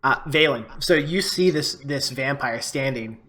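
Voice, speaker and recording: A man running a tabletop game as game master, chatty and relaxed, with filler words. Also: mid-range voice, unhurried.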